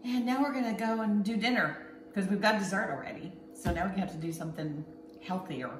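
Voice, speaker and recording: A woman's voice: mid-range voice, a little fast. A woman hosting a casual cooking demo, chatty and a bit bossy as she gives step-by-step instructions in her home kitchen. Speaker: cooking show host. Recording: echoey kitchen with clear background noise.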